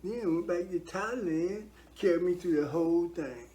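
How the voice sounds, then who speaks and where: Earnest older man giving testimony, mellow voice. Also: high voice, normal speed. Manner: earnest, preachy, repeats himself for emphasis. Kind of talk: heartfelt spoken testimony.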